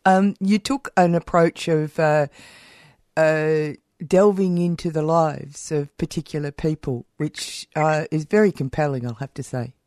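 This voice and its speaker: A radio host interviewing a guest, halting and searching for words. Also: mid-range voice, fairly even intonation, a little mellow, no echo, clean studio sound. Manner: halting, lots of "uh" fillers while searching for words.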